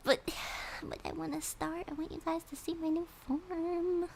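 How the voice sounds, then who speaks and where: Young woman, streamer, high voice, unhurried, giggly, nervous, casual chat. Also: flat delivery, creaky, a little mellow, slight background noise. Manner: giggly and nervous, repeats greetings.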